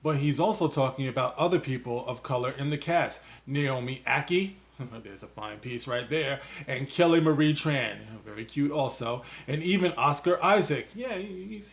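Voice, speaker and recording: A man hosting a commentary vlog, reading an article aloud and ranting at its subject as if addressing him directly. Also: a little high. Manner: reads an article aloud and riffs on it. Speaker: YouTube commentator.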